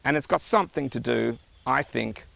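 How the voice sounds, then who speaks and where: A man's voice: mid-range voice, moderate pace, creaky, bright, forceful tone. A man with an Australian accent, an expedition artist musing aloud to the camera by a river outdoors. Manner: thoughtful, speculative.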